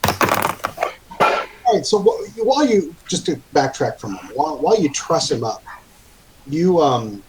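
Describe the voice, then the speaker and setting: A man narrating as game master of a tabletop game, halting often with fillers and restarts. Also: mid-range voice, background noise.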